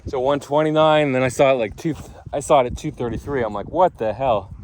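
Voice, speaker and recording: A man's voice: medium pitch, fast talker, darkish tone, a little hiss or hum. Rambling, chatty man vlogging outdoors. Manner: chatty, rambling with restarts and fillers. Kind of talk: rambling casual vlog.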